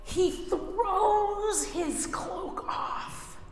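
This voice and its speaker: Slow-preaching woman in an echoey hall. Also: very high-pitched, slight background noise. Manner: earnest, acts out quoted voices, frequent restarts. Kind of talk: sermon. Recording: very echoey hall, faint room ambience.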